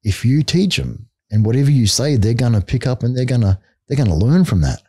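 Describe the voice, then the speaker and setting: A man's voice: mid-range voice, animated, brisk, dark tone, breathy edge, no echo, studio quality. A middle-aged man with an Australian accent, a martial arts coach telling stories as a podcast guest in a blunt, casual way, swearing freely and saying "mate" and "like" a lot. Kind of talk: casual storytelling chat.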